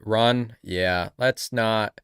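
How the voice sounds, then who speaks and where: A man talks through a live reaction stream in a slow, unhurried way. His voice is smooth and clear, and he rambles and backtracks as he thinks aloud. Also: on the low side, a bit bright, no room sound, studio quality.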